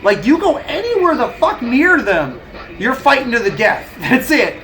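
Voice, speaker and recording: A man's voice: very high voice, sing-song, a little slow, poor audio. A man on a live stream, chatting casually and ranting with heavy swearing and frequent laughs. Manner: profane, ranting, laughs often. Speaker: livestreamer.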